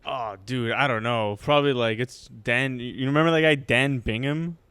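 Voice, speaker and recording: A man's voice: medium pitch, normal speed, fairly bright tone, clear, resonant tone, dry recording. A young man co-hosting a comedy podcast, making jokes and laughing often as he tells stories. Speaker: podcast co-host. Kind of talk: casual comedy podcast chat.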